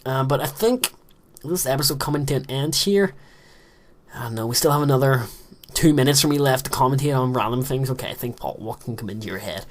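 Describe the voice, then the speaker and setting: A young man in his late teens, speaking a little fast at medium pitch, gives casual commentary while gaming. He rambles and jokes at his own expense, and the recording comes from a small closet room where this gaming commentator sits.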